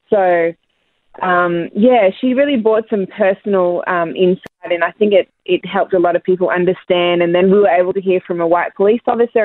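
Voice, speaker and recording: A woman's voice: lowish voice, dry recording. A young Australian woman, a church planter, speaking as a guest in a radio interview, candid and cheeky, laughing often. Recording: dry tinny phone line.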